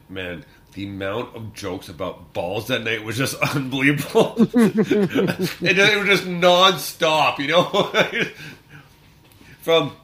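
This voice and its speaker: A man's voice: sits low, a bit bright, slight background noise. Laughing, rambling male podcast host. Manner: laughs often, rambling storytelling with many fillers. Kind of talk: casual chat.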